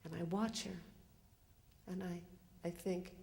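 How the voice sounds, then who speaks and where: A woman's voice: on the low side, steady tone, slow pace, vocal fry, a little mellow. An older woman telling a personal story live on stage, in a conversational, self-mocking way with lots of fillers. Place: theater stage. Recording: live stage recording in a reverberant hall.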